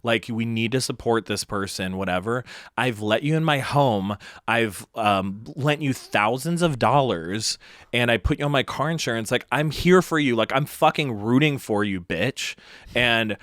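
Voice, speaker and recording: A man with a mid-range voice tells a chaotic personal story in casual podcast chat. He slips into both sides of the fight and climbs in pitch and volume as it heats up. The sound is close and dry. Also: normal speed, dry recording. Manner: animated retelling of an argument, acting out both sides with rising heat. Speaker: guest comedian.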